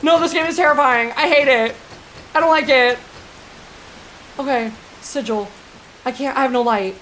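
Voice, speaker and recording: Lively high-voiced woman streaming a game. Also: moderate pace, pauses often, a little hiss or hum. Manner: excitable, chatty, swears when startled. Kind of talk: live game stream commentary.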